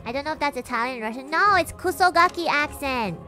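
A young woman streamer giving casual, giggly, excitable commentary while playing a game. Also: sits high, brisk, hardly any pauses, faint music behind.

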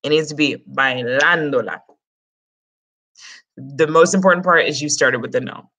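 A woman's voice: low voice, normal speed, a bit bright. A woman teaching Spanish grammar in an online class, explaining it step by step in a casual way.

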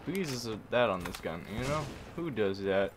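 A man giving live commentary over his own gameplay, jokey and prone to sudden yelps and shouts. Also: lowish voice, sing-song, moderate pace, background noise. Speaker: gaming commentator.

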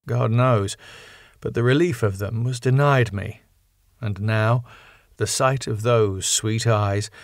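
A man narrating a classic novel as an audiobook, in a measured, even storytelling manner. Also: medium pitch, vocal fry, dry recording, clean studio sound. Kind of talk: scripted narration.

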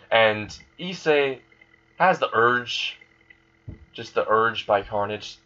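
A man's voice: fairly low pitch, fairly bright tone, highs cut off. A man casually telling an improvised fan story, rambling and swearing as he goes.

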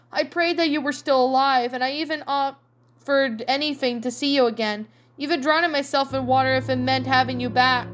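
Woman voicing a gentle ashamed pup. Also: sits high. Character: young male puppy, ashamed and gentle. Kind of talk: fan fiction reading.

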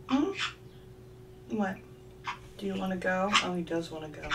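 Middle-aged woman, deep voice, homey pet chat, distant mic with noise behind. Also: takes it slowly, long pauses. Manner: coos and baby-talks to her bird. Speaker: craft vlogger. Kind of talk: casual chat to pet parrot and viewers. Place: at home with her parrot.

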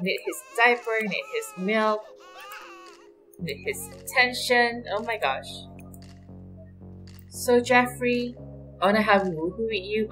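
A woman hosting her own gaming channel, giving casual let's-play commentary. She is chatty and excitable, laughs often, and talks straight to the characters on screen. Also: mid-range voice, rough recording. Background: faint background music.

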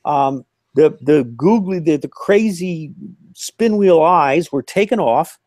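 Over a remote call, an older puppeteer guest spins stories in a casual interview, animated and laughing. His voice is fairly high for a man and slow, and the recording is dry and close with no surrounding room.

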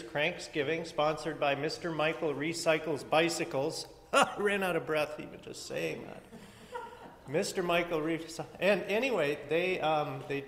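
A man's voice: fairly high pitch, slight background noise. Man with a raised voice, chatty church announcements, fillers and restarts, echoey hall from far off. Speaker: pastor. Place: church sanctuary.

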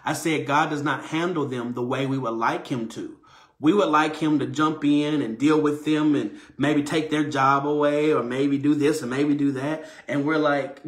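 Male preacher, slightly high voice, lively and conversational, echoey room. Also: normal speed. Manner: animated, acts out quoted voices in a higher pitch. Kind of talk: conversational sermon.

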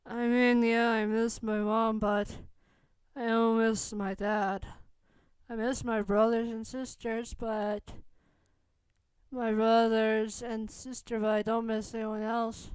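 Gentle young male wizard, voiced by a woman reader, quiet and apologetic, slow delivery. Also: fairly high pitch, level tone, smooth, dry recording. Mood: sad.

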